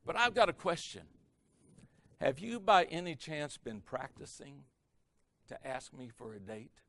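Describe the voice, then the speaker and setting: A man preaching, quoting a polite young female student who asks her questions in a gentle, surprised way. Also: a little high, a little slow, no room sound.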